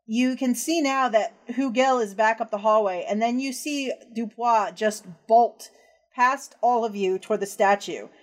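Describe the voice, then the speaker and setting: A woman's voice: a little high, unhurried. A woman narrating as game master of a tabletop horror game, casual and descriptive, with frequent fillers.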